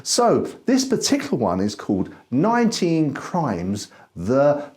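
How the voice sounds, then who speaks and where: A man's voice: on the high side, huge pitch swings, unhurried, very noisy. A man hosting a casual wine-tasting chat, friendly and self-mocking, given to flowery phrasing. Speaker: wine show host.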